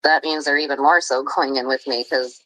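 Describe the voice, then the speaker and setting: Low-voiced woman ranting on a stream. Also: fairly even intonation, brisk, bright, forceful tone, no echo, rough recording. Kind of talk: casual livestream talk.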